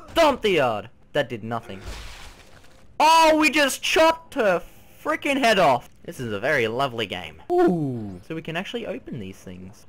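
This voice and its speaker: A young man hosting his gaming channel, swearing, yelping and shouting through excitable gameplay commentary. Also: extremely high pitch. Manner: swears a lot, yelps and shouts.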